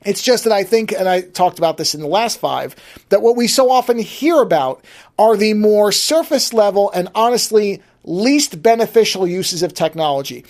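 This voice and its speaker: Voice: mid-range voice, animated, normal speed, a little mellow. A podcast host, talking through a daily solo episode in a casual, thinking-aloud way with frequent restarts.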